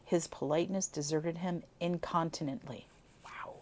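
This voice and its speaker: A woman from Buffalo, New York, reading an old story aloud with lively, amused asides. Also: sits low, normal speed. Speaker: reader of old clippings.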